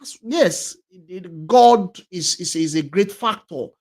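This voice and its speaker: A man with a high-pitched voice delivers a motivational talk as a talk show host. He hammers his points with loud stresses and repetition, stumbling over restarts, and lets some phrases drop almost to a murmur. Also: expressive, takes it slowly. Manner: emphatic, repeats key phrases, many restarts; swings between loud stresses and quiet trailing words.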